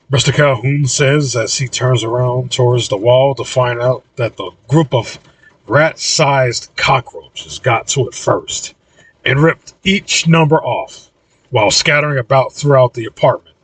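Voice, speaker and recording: A man reading his own audiobook in an even, low-key narration. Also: a little slow, husky, no echo, far from the mic, poor audio.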